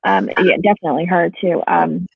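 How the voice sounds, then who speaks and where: A woman's voice: lowish voice, a little fast, vocal fry, husky, no room sound. A woman chatting in a support group call, telling family stories with lots of laughter. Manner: animated storyteller, laughs often, acts out quotes. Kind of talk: casual chat. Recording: tinny phone line, dry.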